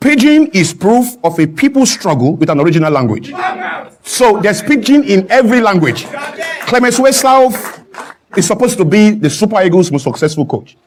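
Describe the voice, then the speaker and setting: High-voiced man from Nigeria, emphatic studio guest, rhetorical and punchy. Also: sing-song, normal speed, slight background noise. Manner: emphatic, rhetorical, mimics broken English with laughs. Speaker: guest speaker. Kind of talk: impassioned talk-show speech. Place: television studio with a clapping audience.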